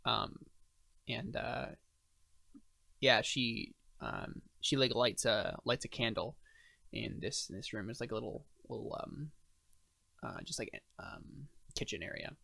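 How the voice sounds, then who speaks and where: A man's voice: mid-range voice, lively intonation, takes it slowly, creaky, pushed and bright, no room sound, clean studio sound. A man narrating a tabletop game as game master, rambling with many fillers.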